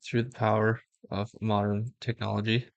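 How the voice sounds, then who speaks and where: A man's voice: on the low side, little pitch movement, normal speed, vocal fry, no echo, dull audio. A man co-hosting a casual podcast, talking hesitantly with lots of fillers while eating pizza. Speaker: podcast co-host.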